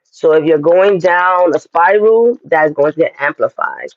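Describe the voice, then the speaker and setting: A man's voice: a little high, expressive, normal speed, muffled recording. A man giving a casual astrology and tarot reading, talking straight to his viewers in a chatty, direct way.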